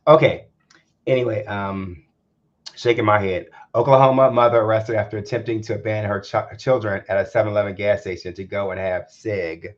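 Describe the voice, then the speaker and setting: A man's voice: on the low side, fairly even intonation, brisk. A man co-hosting a casual news chat, laughing often and repeating words as he talks. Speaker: co-host. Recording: dull lo-fi sound.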